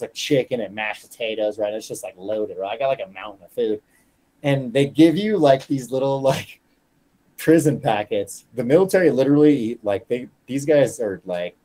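Guest fighter, male, casual podcast storyteller; mellow tone, swears constantly, acts out voices. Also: mid-range voice. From Colorado. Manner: profane, animated storyteller acting out quotes.

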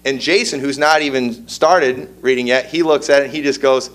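A man's voice: mid-range voice, fairly even intonation, moderate pace, fairly bright tone. A man preaching a sermon as pastor, telling a folksy family story and then pressing his point with rising emphasis. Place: church.

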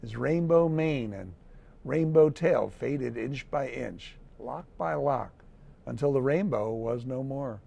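A man, a city mayor, reading a children's picture book aloud in a gentle storytelling manner. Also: medium pitch, creaky, husky. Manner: gentle, slow storytelling with lively read-aloud voices.

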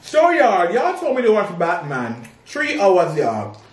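Chatty, gossipy man with a high voice. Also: huge pitch swings, slow pace. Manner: chatty, gossipy, calls listeners "girl". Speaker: co-host. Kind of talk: casual chat over a meal. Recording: echoey room, distant mic, faint noise.

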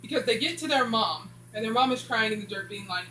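A woman rambles through a casual recap of a TV series, filling gaps with "blah blah." Her voice is bright and forward. It was recorded in an echoey room with a faint hum behind. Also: on the high side, animated, quick pace. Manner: rambling, says "blah blah" a lot. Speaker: show reviewer.

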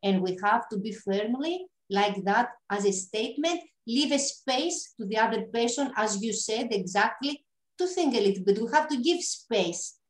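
A woman's voice: on the high side, animated, normal speed. Enthusiastic woman host in a roomy space. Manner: enthusiastic, agreeing, non-native phrasing. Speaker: interview host. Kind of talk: conversational interview.

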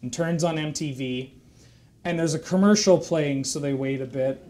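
A man on a live charity stream telling a long, meandering shaggy-dog joke, full of self-corrections and deadpan asides. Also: fairly high pitch, normal speed, a loud crowd. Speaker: stream performer.

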